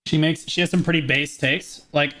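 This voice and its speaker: A man streaming reaction commentary in a casual, profane, excitable and jokey way. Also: on the high side, normal speed.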